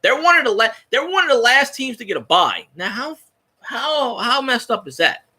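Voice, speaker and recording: A man talks fast and heatedly on his fan show, swearing freely as he rants. His voice sits very high and sounds piercingly bright, and it swings widely up and down. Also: big pitch swings. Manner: profane, heated ranting. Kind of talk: casual fan talk show.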